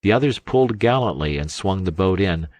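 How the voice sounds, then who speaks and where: Male audiobook narrator, deep voice, dry close sound, steady storytelling. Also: a little fast, dry recording. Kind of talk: scripted narration.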